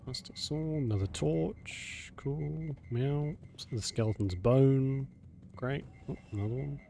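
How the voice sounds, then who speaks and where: A man's voice: medium pitch, takes it slowly, creaky, warm tone. A man chatting casually while streaming a game live. He laughs often and keeps saying meow. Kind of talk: casual live gameplay chat.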